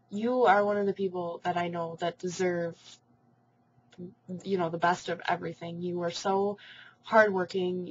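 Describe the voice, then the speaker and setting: A teenage girl vlogging casually to her online support group, rambling and sympathetic with lots of ums and likes. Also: lowish voice. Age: teens. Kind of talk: casual video reply to group members. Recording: dull lo-fi webcam audio with faint hiss.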